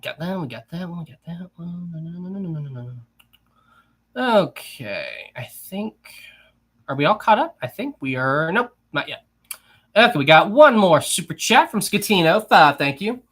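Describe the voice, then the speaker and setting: A man's voice: fairly high pitch, very animated, normal speed, a bit bright, breathy edge. A man hosting a casual livestream, chatty and giggly, reading viewer messages and rambling with frequent restarts. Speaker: livestream host. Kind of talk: casual livestream chat, reading super chats.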